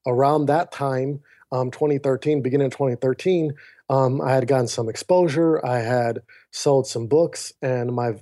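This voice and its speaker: Man telling his story, mellow voice. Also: medium pitch, normal speed. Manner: animated storyteller who acts out quoted dialogue; often addresses the host by name mid-sentence. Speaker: podcast guest. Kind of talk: personal storytelling in conversation. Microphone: remote call.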